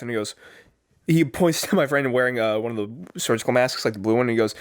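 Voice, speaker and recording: A man's voice: medium pitch, steady tone, fast talker, clear, resonant tone, no echo. Young man telling a story, dry mic. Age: 20s. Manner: laughing often mid-story, swearing, acting out quoted people. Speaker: podcast co-host. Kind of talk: casual storytelling chat.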